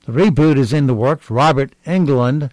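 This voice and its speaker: A man hosting a radio talk show, reading jokes deadpan and stalling with ums between segments. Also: mid-range voice, moderate pace, dry recording, poor audio.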